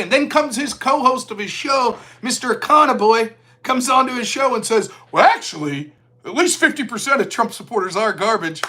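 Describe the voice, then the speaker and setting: A man hosts a live political commentary stream, sarcastic and scornful as he reads donations aloud. His voice is bright and forceful, and his pitch swings widely as he jumps between his own take and mocking impressions of his opponents. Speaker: political commentary show host.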